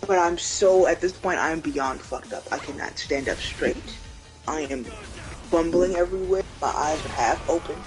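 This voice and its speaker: A man co-hosting a gaming video, telling a story in a lively, profanity-laced casual chat. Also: a little high, moderate pace, faint music behind, poor audio. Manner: animated, swears freely, talks to himself in retellings. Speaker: gaming co-host.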